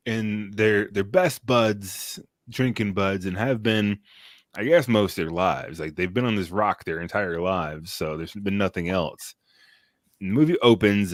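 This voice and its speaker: A man with a fairly low voice recaps a film on a casual stream. He rambles, swears often and leans on fillers as he goes. The sound is close and dry. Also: dry recording. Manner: rambling, profane, chuckling recap. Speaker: podcast co-host. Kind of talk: casual chat, movie review.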